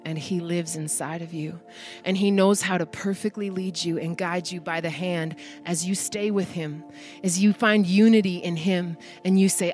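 A woman pastor in her thirties giving an animated sermon, emphatic and excited. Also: lowish voice, normal speed, faint music behind.

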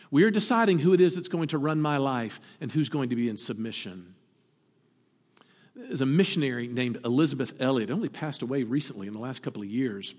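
A man preaching a sermon, climbing to emphatic peaks and then dropping low. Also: breathy edge. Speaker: pastor. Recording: long hall reverb.

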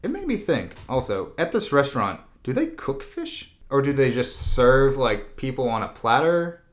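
Casual man recapping a movie. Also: medium pitch. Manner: laughing, sarcastic, animated retelling with quick voices. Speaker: podcast co-host.

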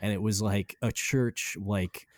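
A man's voice: fairly low pitch, fairly even intonation, unhurried, a little mellow, no echo, studio quality. A man co-hosting a podcast in casual chat, rambling with fillers and swearing as he plays back caller messages.

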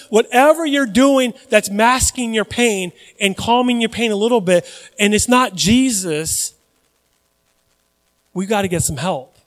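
A man's voice: sits high, in a large hall. A man preaching a sermon in church, conversational with dramatic rises and personal asides. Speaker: pastor.

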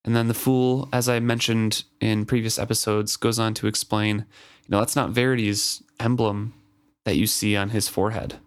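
A man's voice: on the low side, little pitch movement, moderate pace. A man co-hosting a podcast, discussing a book in a thoughtful, hesitant manner. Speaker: podcast co-host.

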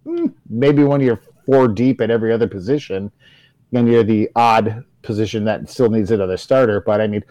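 A man's voice: fairly low pitch, moderate pace, warm tone, no echo, low-quality recording. Rambling man in casual sports chat. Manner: rambling, stammers and restarts. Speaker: podcast co-host.

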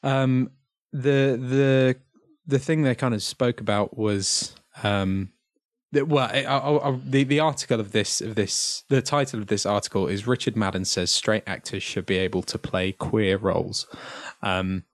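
A man's voice: lowish voice, fairly even intonation, a little slow, dry recording, clean studio sound. A young man hosting a podcast, chatting casually and rambling, with restarts and chuckles. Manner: rambling, self-interrupting, chuckling. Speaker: podcast host. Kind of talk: casual chat.

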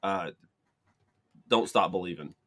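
A man's voice: sits low, takes it slowly, fairly bright tone. A young adult man co-hosting a podcast, joking about a film in a casual, profane way. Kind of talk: casual movie chat.

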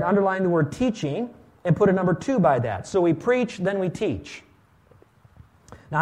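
In a church, a pastor with a slightly high voice preaches a sermon emphatically, shifting between loud bursts and quiet asides as he guides listeners through a passage.

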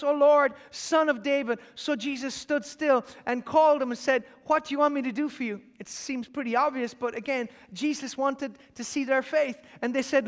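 A man preaching a sermon, reading scripture and building to fervent, shouted calls of amen and hallelujah. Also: extremely high pitch, big-room sound.

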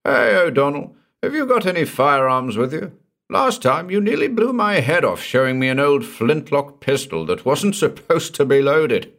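A man booming as a burly jovial doctor. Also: very animated, normal speed, fairly bright tone. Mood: hearty. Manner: booming, bluff and hearty. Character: burly jovial middle-aged male doctor.

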